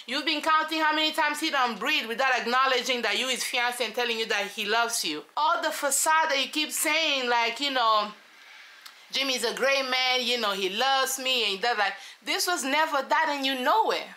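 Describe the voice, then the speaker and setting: Bright-voiced woman reviewing a show. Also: high-pitched, a little fast, hardly any pauses. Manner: animated, sassy, talks straight to viewers. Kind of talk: casual reality-show commentary.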